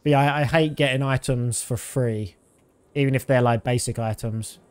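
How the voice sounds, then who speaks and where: Male streamer, thirties, mid-pitched, easygoing chat full of fillers. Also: moderate pace, clean tone. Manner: rambling, relaxed, many fillers. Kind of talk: casual gameplay commentary.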